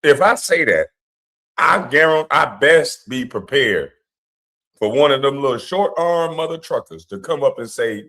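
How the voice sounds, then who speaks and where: A man's voice: medium pitch, lively intonation, moderate pace, pushed and bright. A man giving heated, blunt commentary in a ranting, mocking way.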